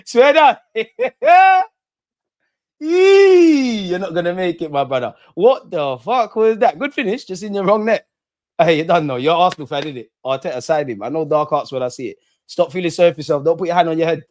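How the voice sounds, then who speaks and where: A young man hosting a live football watch-along, blunt and slangy, chanting and shouting when his team scores. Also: on the high side, fast talker, no echo, clean studio sound.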